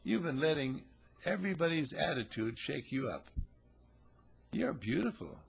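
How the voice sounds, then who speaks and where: A man voicing a friendly young man reassuring a lady, in his gravelly, husky voice. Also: on the high side, big pitch swings, normal speed, voice pushed up, heavily acted. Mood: earnest.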